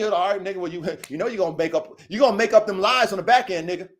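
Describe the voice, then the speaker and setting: A man, rambling through a profane, repetitive, preachy monologue that swings between low mutters and loud outbursts. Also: quick pace, few pauses. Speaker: dog breeder and vlogger. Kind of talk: casual unscripted monologue.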